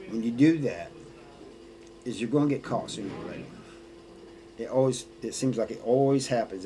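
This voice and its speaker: A man's voice: medium pitch, darkish tone, a little hiss or hum, rough recording. Plainspoken man recounting prison life. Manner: plainspoken, frequent restarts and "you know". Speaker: former prisoner sharing experiences. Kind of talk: casual storytelling monologue.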